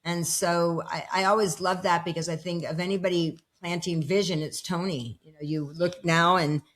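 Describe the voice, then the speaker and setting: A woman's voice: lowish voice, steady tone, moderate pace. A woman in her fifties, a personal development coach, telling her story in a casual interview at home and acting out the dialogue. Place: home with dogs around.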